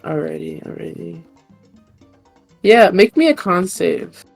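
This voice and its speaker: A woman's voice: on the low side, big pitch swings, takes it slowly, creaky, a little mellow, faint music behind. A woman narrating a tabletop game as game master, meandering with many fillers.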